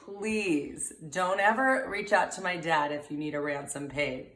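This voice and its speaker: A woman telling her father an animated family story for his birthday, acting out the voices in it. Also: low-pitched, measured pace, reverberant. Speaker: daughter giving a birthday message.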